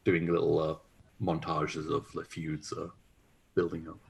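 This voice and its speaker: A man reflecting thoughtfully after a tabletop game, hesitant and pausing often. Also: rumbling low, completely flat delivery, creaky.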